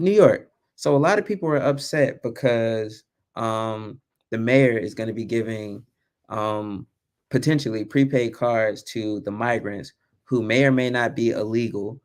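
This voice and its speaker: A young man hosting a live stream, talking casually and with animation, rambling and at times losing his train of thought. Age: young adult. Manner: lowers his voice so as not to wake the kids. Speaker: vlog host.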